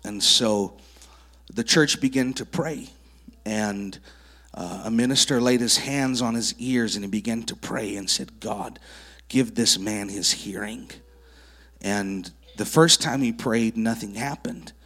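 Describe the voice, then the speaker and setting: A man's voice: on the low side, measured pace. A male preacher in a church sanctuary, telling miracle testimonies and calling up child volunteers at a kids camp. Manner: animated storyteller who works with child volunteers. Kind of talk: sermon with testimony stories.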